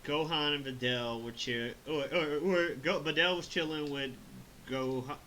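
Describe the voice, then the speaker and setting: A man's voice: fairly high pitch, unhurried, bright, forceful tone, slight background noise, low-quality recording. A man hosting a casual review chat, rambling, swearing and laughing as he recaps the story. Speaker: host reviewing an animated film.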